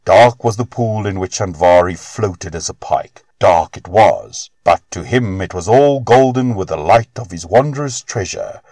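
Deep, lively man reading myths. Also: no echo. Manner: measured, expressive reading. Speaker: narrator. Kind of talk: storybook narration of myths.

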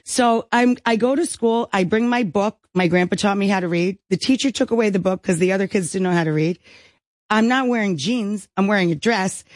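A middle-aged woman guest telling a childhood story with lively, self-mocking humor and frequent laughter. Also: mid-range voice, a little fast, no room sound. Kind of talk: animated storytelling in a talk interview.

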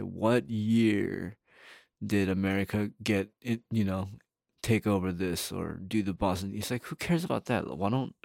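Low-voiced man rambling on a solo podcast. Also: darkish tone, no room sound, clean studio sound. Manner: rambling, blunt, swears freely. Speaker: podcast host. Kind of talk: casual solo podcast monologue.

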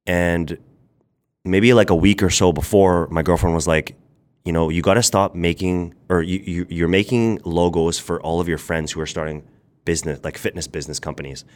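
Young man, deep voice, rambling podcast guest, talks in bursts. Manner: rambling, quick bursts, quotes people in animated voices. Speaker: podcast guest, brand founder. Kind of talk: casual interview storytelling.

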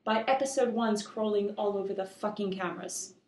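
A woman co-hosting a casual podcast, telling a creepy news story in an animated way and swearing freely. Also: medium pitch, a little fast. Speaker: podcast co-host. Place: home room with poor soundproofing. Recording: echoey room.

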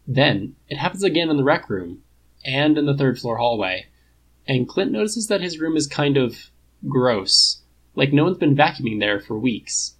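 A man's voice: medium pitch, sing-song, normal speed, a bit bright, breathy edge, low-quality recording. A man narrating a fan-fiction story in a casual, wry reading style. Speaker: podfic reader.

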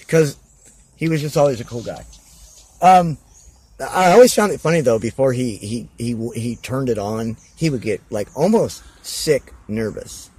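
A man's voice: medium pitch, expressive, measured pace, darkish tone, husky, dry recording. A man talking as a podcast guest in a loose, rambling way, full of fillers and restarts. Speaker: guest, professional wrestler. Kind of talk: casual podcast interview.

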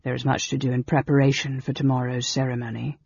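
A man reading a story aloud, voicing a calm, scheming male elf senator in a low, quiet, sarcastic tone. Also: quick pace, creaky, slightly rough. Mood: sly. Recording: dull, dry lo-fi recording.

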